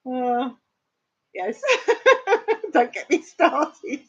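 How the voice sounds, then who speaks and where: A woman's voice: mid-range voice, measured pace. An Englishwoman hosting a casual live-stream chat, telling stories, laughing often and mimicking how others pronounce words. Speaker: livestream host. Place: home in rural Cyprus. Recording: dull lo-fi sound.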